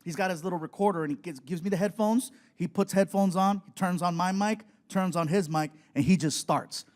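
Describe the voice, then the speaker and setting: A male comedian guesting on a talk show, telling a rambling, self-deprecating story with animated energy. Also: sits high, fairly quick.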